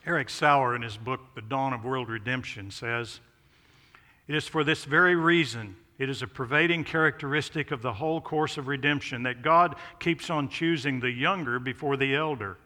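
A man's voice: mid-range voice, normal speed, sharp tone. A man preaching an expository sermon, stressing contrasts with rising emphasis. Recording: long hall reverb.

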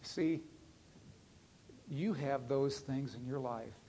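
An earnest man preaching, with a voice of ordinary middle pitch. He reads a moving story and talks plainly to his listeners, often letting his voice sink soft and low for weight. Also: slow pace, a little hiss or hum. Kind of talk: sermon with read-aloud story.

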